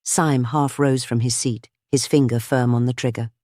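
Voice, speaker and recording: A man narrating an audiobook of a classic novel in a measured, expressive reading. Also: medium pitch, dry recording, clean studio sound. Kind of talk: scripted narration.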